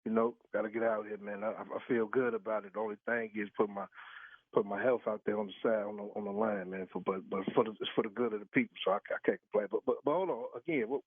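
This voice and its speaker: A man's voice: lowish voice, steady tone, quick pace, breathy edge, no echo. A man on a phone call, blunt and profane, firing the same questions again and again. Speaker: prank call target. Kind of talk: heated phone conversation. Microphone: telephone. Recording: tinny phone line.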